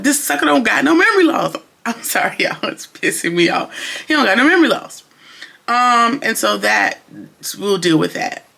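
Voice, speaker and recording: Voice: medium pitch, vocal fry, sharp tone. A TV reviewer recapping an episode in casual, sassy commentary, full of exasperated slangy asides.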